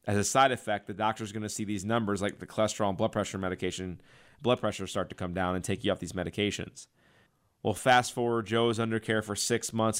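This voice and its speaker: A man hosting a health radio show, telling a patient's story and pitching his clinic with passion. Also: clear, resonant tone. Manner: enthusiastic, passionate sales pitch. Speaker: radio show host and chiropractor.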